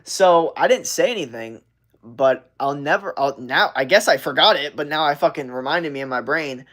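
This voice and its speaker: Telling a rambling, profane story on his livestream, a young man leans hard on "like" as filler. He sounds fairly high, expressive and a bit bright, at a moderate pace.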